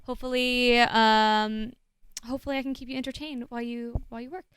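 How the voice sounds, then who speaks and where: A woman's voice: a little high, little pitch movement, brisk, fairly bright tone, smooth, no room sound. Chatty West Coast US woman streamer. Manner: chatty, rambling, many restarts. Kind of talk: casual game stream chat.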